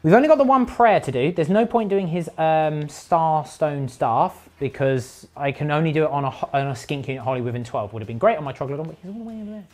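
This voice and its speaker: A woman's voice: deep voice, quick pace, few pauses. A woman playing a tabletop wargame and talking through each move with playful jokes. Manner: jokey, animated, explains each move. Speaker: tabletop game player and presenter. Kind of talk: playful battle report commentary.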